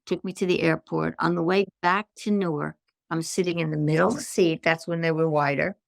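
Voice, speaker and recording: An older woman, a guest on a podcast interview, telling her life story in lively anecdotes and acting out the lines of the people in them. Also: sits low, fairly quick, creaky, no echo, clean studio sound. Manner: animated anecdotes with acted-out quotes. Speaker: guest, stress management consultant.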